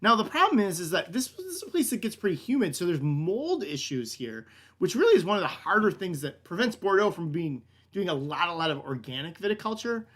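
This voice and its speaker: A very animated man with a high, fairly bright voice speaks a little fast while hosting an online wine tasting. He's an American wine shop director, laid-back and meandering, calling people "man" and stuffing his speech with "like," "kinda" and "um."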